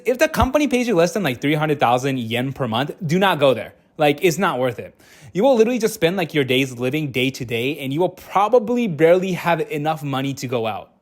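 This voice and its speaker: Man in his twenties, casual reaction commentary, blunt exasperated rant, fairly high voice. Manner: blunt, exasperated ranting with many restarts. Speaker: YouTube commentator.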